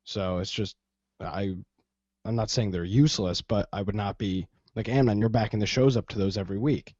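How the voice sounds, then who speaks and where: A man's voice: lowish voice, fairly even intonation, normal speed, darkish tone, no echo. A man co-hosting a tech talk show, giving advice insistently in casual speech. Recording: dull lo-fi broadcast sound.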